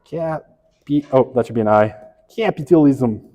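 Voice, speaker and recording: A man's voice: mid-range voice, expressive, normal speed, a little mellow. A middle-aged man giving a casual classroom lecture, peppering it with "right?" and correcting himself with wry asides. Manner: conversational, lots of "right?" tag questions. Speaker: college sociology instructor. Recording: long reverb of a lecture hall.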